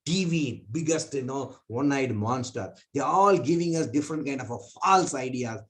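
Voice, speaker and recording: A man teaching a spiritual class, telling a parable in an animated way. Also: normal speed. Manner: animated, pitch jumping between voices.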